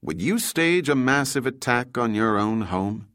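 A man's voice: mid-range voice, expressive, unhurried, dry recording, studio quality, voice pushed up. A male narrator voicing a stern senior intelligence official who speaks firmly and commandingly. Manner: firm, commanding, shouting when crossed.

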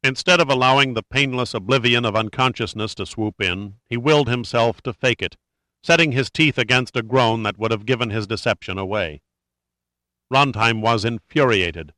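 A man narrating a dramatic audiobook in a measured, steady storytelling manner. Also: medium pitch, no room sound.

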